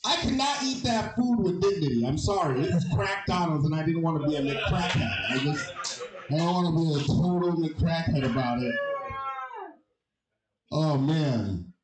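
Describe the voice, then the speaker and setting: A man doing a stand-up set, telling stories loudly and animatedly with shouted quotes. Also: a little high, expressive, normal speed, reverberant, faint music behind, poor audio. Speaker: stand-up comedian.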